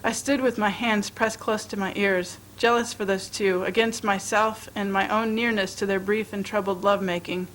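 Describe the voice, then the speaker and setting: A woman reading a short story aloud as narrator, in a measured, expressive way. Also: mid-range voice, slight background noise, poor audio. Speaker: reader at a library reading.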